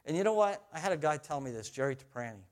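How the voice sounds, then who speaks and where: Quick-paced and a little high, with lively intonation, a middle-aged pastor preaches a sermon full of family stories told in a conversational way. His voice rises to loud exhortation and sinks to soft, tender asides.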